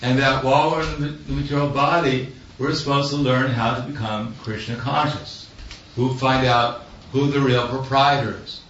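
A man's voice: medium pitch, fairly even intonation, normal speed, a bit bright, a little hiss or hum. Man preaching in an echoey hall. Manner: wry, anecdotal, chuckles at his own jokes. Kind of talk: storytelling sermon. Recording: echoey hall, distant dull mic.

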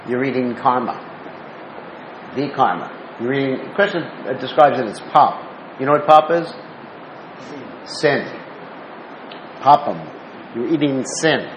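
Telling stories and questioning his audience, a spiritual teacher delivers a devotional talk in a slightly high voice. The recording is lo-fi, dull and roomy, carrying faint ambience plus a bit of hiss or hum.

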